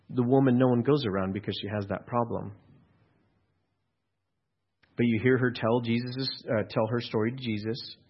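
On a dull, lo-fi recording, a man pastor gives a chatty, story-driven sermon and keeps asking his listeners rhetorical questions. His voice is mid-range and a little rough.

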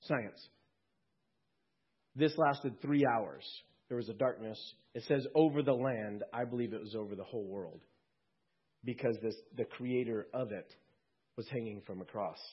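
A man with a husky, slightly breathy voice preaches to his congregation. He talks in a loose, conversational way and drops light quips between points. The sound is dull and lo-fi. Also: mid-range voice, unhurried, pauses often. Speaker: pastor. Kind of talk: sermon.

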